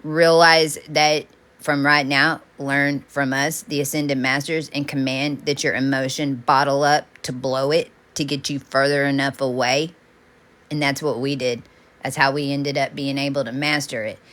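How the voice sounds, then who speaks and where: A woman's voice: extremely low pitch, little pitch movement, moderate pace, a bit bright. A woman delivering a rambling spiritual monologue as a self-styled channeler, intense, repetitive and often profane.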